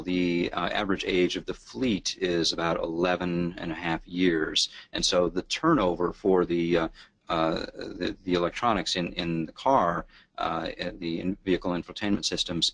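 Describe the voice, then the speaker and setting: A man's voice: low-pitched, a bit bright, no echo. A man speaking as a panelist in a webinar discussion, hesitant with many fillers and restarts. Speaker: guest panelist.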